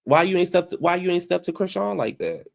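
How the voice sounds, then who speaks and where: A man's voice: high voice, expressive, brisk, creaky. Man in casual commentary. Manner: repeats phrases for emphasis, addresses people directly with "girl". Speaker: commentary vlogger.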